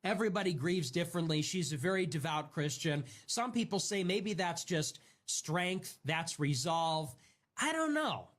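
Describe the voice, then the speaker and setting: A man talks in a high, lively voice that leaps up and down as he rants. His tone is sarcastic and sneering throughout, and he is deliberately provocative. It plays like a livestream rant. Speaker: streamer in a played clip.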